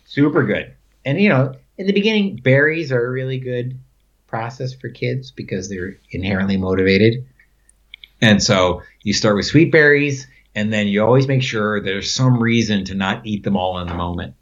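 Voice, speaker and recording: A man's voice: medium pitch, moderate pace. A man telling rambling stories in a casual conversation, with many fillers and frequent laughs. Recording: dull lo-fi recording.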